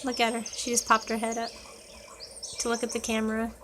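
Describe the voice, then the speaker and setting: A woman's voice: fairly high pitch, monotone, a little fast, a little hiss or hum. A woman filming her pet birds at home, cooing to them in sing-song baby talk. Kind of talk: casual home video, talking to pet birds.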